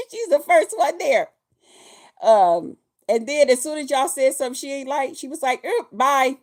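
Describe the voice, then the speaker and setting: A woman in her fifties talking casually in a vlog, animated and profane, laughing often. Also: sits high, normal speed. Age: 50s. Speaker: vlogger.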